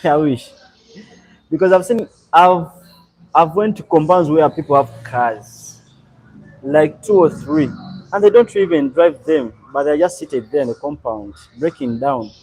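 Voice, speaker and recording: A young man from Uganda, hosting a live stream and chatting in a relaxed, rambling way as he answers viewers. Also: on the high side, measured pace, husky, low-quality recording. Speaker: livestream host. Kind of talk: casual live stream chat.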